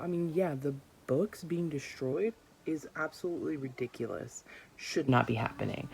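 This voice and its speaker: Low-voiced woman ranting in a vlog. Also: dark tone, a little hiss or hum. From United States. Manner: exasperated, emphatic ranting. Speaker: book vlogger.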